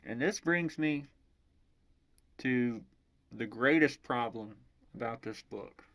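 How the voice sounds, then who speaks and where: A man's voice: mid-range voice, takes it slowly, a bit bright. A man giving a ranting book review, profane and sarcastic.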